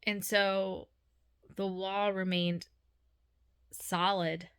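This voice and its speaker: A woman's voice: medium pitch, little pitch movement, extremely slow, fairly bright tone, clear, resonant tone. A woman vlogging about a dream and her faith, talking earnestly and casually with many fillers.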